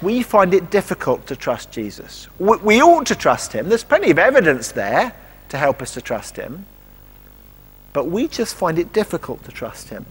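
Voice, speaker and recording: A man's voice: a little high, fairly bright tone. A man preaching a sermon in a conversational way, asking rhetorical questions and acting out quoted lines. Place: church. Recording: long reverb of a church hall.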